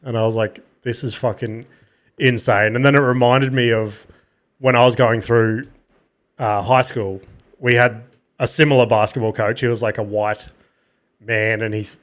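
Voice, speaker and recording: A sleepy Australian man in his thirties holds forth alone on his podcast at a middling pitch. He wanders from story to story, drops curse words casually and makes fun of himself. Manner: rambling, swears casually, self-mocking. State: tired. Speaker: podcast host.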